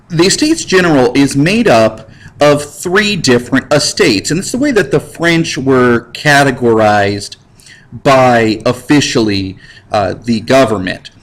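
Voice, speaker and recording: Man, teacher, slangy classroom lecture with jokes and voices, lively swooping pitch. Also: poor audio. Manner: slangy, jokey, animated with put-on voices. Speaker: history teacher. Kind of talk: casual lecture over slides. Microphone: computer mic while drawing with a mouse.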